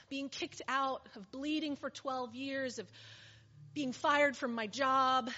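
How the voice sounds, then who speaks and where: Monologue: woman as a weary woman made whole, earnest first-person testimony, slightly high voice, muffled recording. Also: pushed and bright, exaggerated voice. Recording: slightly muffled with faint hiss.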